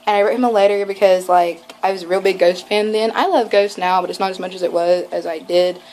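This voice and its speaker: A young woman vlogging, telling a rambling, excited story full of "like" and quoted lines. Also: medium pitch, fast, a little hiss or hum, poor audio. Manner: gushing, rambling, lots of "like" and acted quotes. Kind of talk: casual storytelling vlog.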